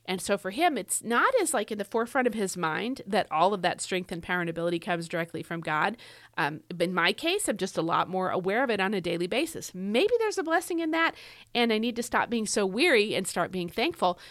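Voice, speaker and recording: A woman's voice: medium pitch, very animated, fairly bright tone, no room sound. Woman, middle-aged, devotional teaching, earnest, encouraging, dry close recording. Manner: earnest and encouraging, rising with emphasis, slows for reading scripture. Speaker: devotional podcast host.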